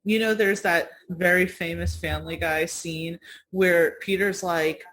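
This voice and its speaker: A woman's voice: on the low side, steady tone, unhurried, fairly bright tone. Woman co-host, chatty and rambling, easy laughter, light hiss behind her. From United States. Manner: rambling, laughs often, swears casually. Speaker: podcast co-host. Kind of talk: casual chat.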